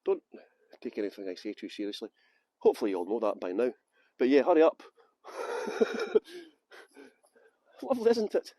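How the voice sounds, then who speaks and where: A man's voice: medium pitch, wildly swooping pitch, normal speed, pauses often, mellow, dry recording. A Scottish man giving a live walking tour of outdoor gardens, joking and teasing his viewers while filming on a handheld phone. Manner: joking, facetious banter with viewers. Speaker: tour guide.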